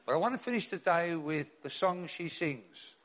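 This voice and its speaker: A man's voice: fairly high pitch, lively intonation, normal speed, fairly bright tone. An older man, a bishop and chaplain preaching a sermon in an earnest, direct way with rhetorical questions and repeated refrains.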